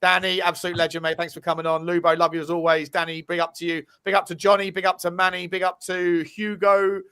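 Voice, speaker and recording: A man hosts a football fan live stream in a casual, chatty way. He talks fast with a bright, forceful edge and a slightly high voice. He swears and shouts out viewers as he reads their messages. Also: flat delivery, smooth. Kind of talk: casual live-stream chat, reading out super chats.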